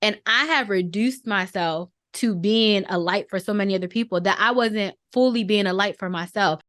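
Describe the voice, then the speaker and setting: With a medium-pitched voice and clean studio sound free of room noise, a woman in her thirties tells a personal family story in a podcast conversation. She is reflective and earnest, frequently slowing to select words, restraining emotion and softening at tender moments.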